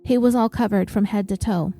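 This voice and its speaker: A woman's voice: medium pitch, steady tone, fairly quick, dark tone, faint music behind, lightly acted. A woman reading a frightened teenage girl. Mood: shaken. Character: frightened seventeen-year-old girl.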